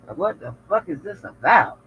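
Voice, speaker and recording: Very animated, with a medium-pitched voice at a moderate pace, a woman vlogger talks to her viewers frankly and with plenty of profanity. Her stories come out loose and candid over a lo-fi recording with faint noise.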